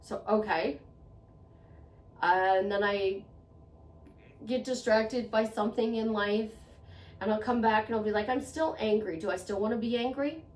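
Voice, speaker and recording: A woman with a medium-pitched voice talks a little slowly and pauses often. As a self-help vlogger, she addresses the camera in an earnest, conversational motivational monologue, leaning on repeated phrases for emphasis. The recording is echoey, her voice a bit far from the mic.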